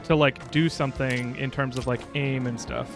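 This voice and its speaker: A man streaming a video game from home, chatting casually and reading game text aloud with quick asides. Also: medium pitch, fairly even intonation, music in the background. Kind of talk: casual gameplay commentary.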